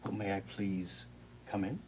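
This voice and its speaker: An actor playing a sly, taunting brother in a TV soap opera, speaking in a mocking, sugary, insinuating way. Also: male voice, sits low, steady tone, unhurried, background noise. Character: sly, taunting brother who delights in gossip.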